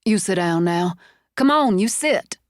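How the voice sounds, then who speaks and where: A woman narrator voicing a protective young woman friend, sharp and commanding. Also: medium pitch, expressive, measured pace, no room sound, studio quality, natural voice. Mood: bossy.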